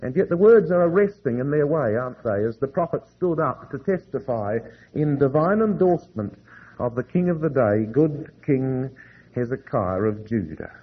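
Husky man preaching a sermon. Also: mid-range voice, expressive, phone-quality sound. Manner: reads scripture slowly with heavy emphasis.

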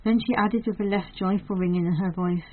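Brief: female audiobook reader, measured storytelling, tinny phone-like audio. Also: medium pitch, steady tone. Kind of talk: storybook narration. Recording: thin phone-like sound.

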